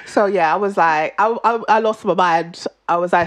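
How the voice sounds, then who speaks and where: A woman, co-hosting a podcast, telling a story in lively, animated casual chat. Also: medium pitch, brisk, few pauses. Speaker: podcast co-host.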